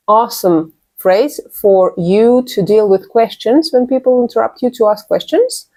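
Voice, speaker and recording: A woman teaching a business English lesson to learners, speaking clearly and patiently and repeating each model phrase. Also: medium pitch, darkish tone.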